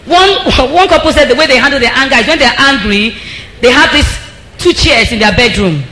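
A woman preacher giving a lively sermon, calling out to the congregation and laughing often. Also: sits high, normal speed, reverberant, poor audio. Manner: lively, laughing, calls out to the crowd. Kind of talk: sermon on marriage.

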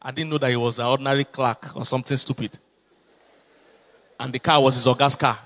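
A man with a Nigerian accent, a pastor telling a story in a sermon, swinging between low asides and loud exclamations. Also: steady tone, fairly quick. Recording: long hall reverb.

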